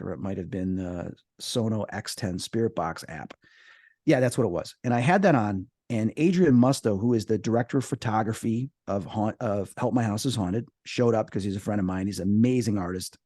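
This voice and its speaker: A middle-aged man, a paranormal investigator, talking as a podcast guest in a casual storytelling way, animated and lively. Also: on the low side, a little fast, no room sound, clean studio sound. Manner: animated, acts out quoted voices.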